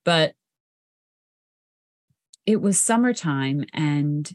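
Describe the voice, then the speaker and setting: A woman's voice: sits low, lively intonation, very slow, darkish tone, no room sound, clean studio sound. A woman co-hosting a podcast, telling frank, blunt stories in casual chat. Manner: frank, blunt storyteller who swears. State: sober. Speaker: podcast co-host.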